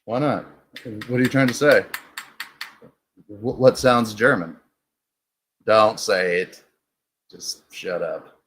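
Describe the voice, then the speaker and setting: A man's voice: on the low side, slow, long pauses, fairly bright tone, slight background noise. A man hosting a comedy talk show, crude and sarcastic in casual banter. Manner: crude, sarcastic, rambling storyteller. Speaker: show host.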